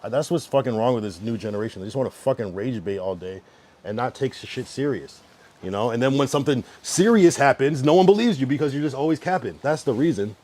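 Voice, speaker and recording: A man's voice: mid-range voice, animated, fast, darkish tone. A young man livestreaming, ranting at his chat in an irritated, swearing, casual way.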